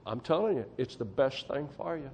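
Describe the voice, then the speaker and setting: Preaching to his congregation, this missionary has a mid-range, slightly mellow voice with a breathy edge, lively intonation, and a slightly fast pace. He shares his testimony in a folksy, emphatic manner, repeating himself and saying "I'm telling you" over and over.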